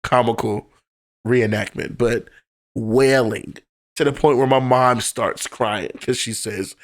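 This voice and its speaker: Speaking slowly in a steady, medium-pitched voice, a young poet and teacher guests on a podcast. He tells heartfelt personal stories openly in relaxed conversation, swearing casually now and then.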